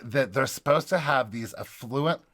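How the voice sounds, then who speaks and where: A man's voice: medium pitch, unhurried, fairly bright tone, dry recording, studio quality. A man co-hosting a podcast in casual chat, talking in a chatty way with stammering restarts. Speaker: podcast co-host. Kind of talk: casual chat recapping a reality show.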